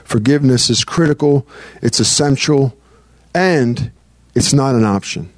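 A man's voice: mid-range voice, unhurried, no echo. A man preaching a conversational sermon as pastor. He speaks earnestly and breaks into prayer as he teaches. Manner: earnest, prays aloud mid-talk.

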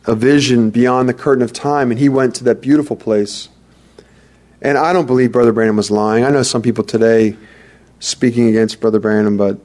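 A man's voice: mid-range voice, darkish tone. A man preaching a sermon in an earnest, conversational way, repeating himself for emphasis.

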